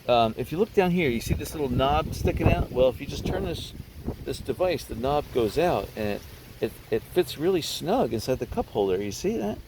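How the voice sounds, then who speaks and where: A man casually showing his garage sale finds on camera, chatty and hesitant, breaking into excitement over bargains. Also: mid-range voice, background noise. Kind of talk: casual show-and-tell vlog.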